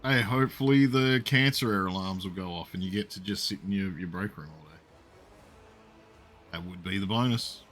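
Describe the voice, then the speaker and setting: Deep-voiced laid-back man streaming a game. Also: moderate pace, fairly bright tone. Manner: laid-back, swears freely. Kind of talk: casual chat while gaming.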